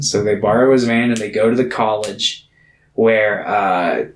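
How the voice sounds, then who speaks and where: A man's voice: on the low side, measured pace, roomy sound, poor audio. A man co-hosting a podcast, recapping a movie in a rambling, laid-back chat. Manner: rambling, laid-back, lots of filler words. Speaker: podcast co-host.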